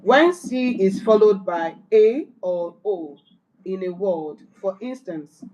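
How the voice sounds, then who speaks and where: A woman's voice: medium pitch, lively intonation, slow, a little mellow, lo-fi sound. A woman learning French as a beginner, reading out accent rules and carefully repeating words after her tutor. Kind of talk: beginner language lesson practice.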